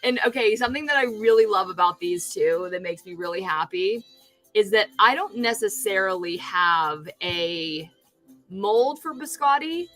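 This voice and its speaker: Faint music sits under a woman's medium-pitched, expressive voice, which is fairly bright and moves at a moderate pace. She's a California streamer and fake food artist, casually showing her crafts on a livestream, rambling with many restarts and obviously delighted by her creations.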